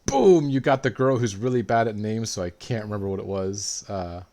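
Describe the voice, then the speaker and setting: Man recapping a game in an excitable ramble. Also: on the low side, normal speed. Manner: rambling, excitable storytelling with lots of fillers. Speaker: player. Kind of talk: recapping a tabletop game session.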